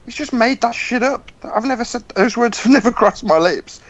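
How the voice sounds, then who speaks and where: A man's voice: normal speed, no echo. A man hosting a podcast, arguing angrily on a call, swearing and insisting he be heard. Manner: angry, sweary, insistent, swings in pitch. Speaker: podcast host. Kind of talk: heated argument on a call. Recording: dull lo-fi call audio.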